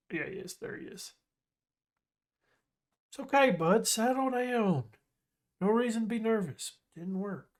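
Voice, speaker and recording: A man casually commentating his own football management game, chatty and excitable, joking with his viewers. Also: high-pitched. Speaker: gaming YouTuber.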